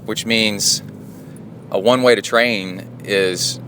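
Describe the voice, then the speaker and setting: A man with a very low voice hosts his podcast from behind the wheel of a car. He wanders through a casual story with plenty of fillers and restarts. A faint hum of the road sits behind him. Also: fairly even intonation, takes it slowly, sharp tone. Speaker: podcast host. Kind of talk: casual solo monologue while driving.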